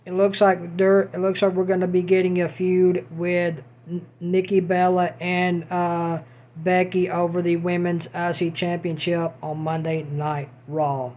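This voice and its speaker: A man's voice: sits high, monotone, a little slow. A man giving a casual spoken recap as a show reviewer, repeating himself and circling back over the same points. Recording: dull lo-fi audio.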